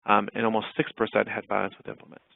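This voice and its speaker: A man's voice: on the low side, monotone, fast talker, creaky, no room sound. A man giving a webinar talk over slides, casual and full of fillers and restarts. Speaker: clinical researcher presenting a webinar. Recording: dry tinny phone-like webinar audio.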